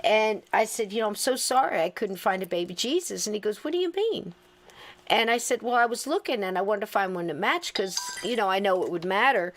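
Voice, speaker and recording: A middle-aged woman hosting a podcast, telling stories in a casual, animated way and laughing through them. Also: mid-range voice, brisk. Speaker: podcast host. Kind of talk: casual storytelling chat.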